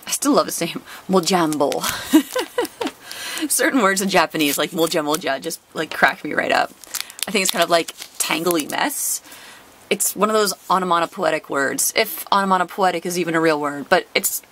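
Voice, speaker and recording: A woman hosting a casual card-opening video. She is excitable, gushing over cards and gasping often. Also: fairly low pitch, moderate pace, noisy background. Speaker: trading card collector and video host.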